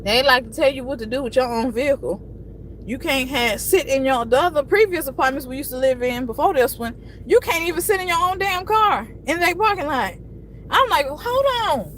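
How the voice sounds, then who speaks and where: A woman's voice: high-pitched, a little fast, a bit bright, a little hiss or hum, low-quality recording. A woman, venting in a casual live-stream rant, frustrated and cursing often. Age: 30s.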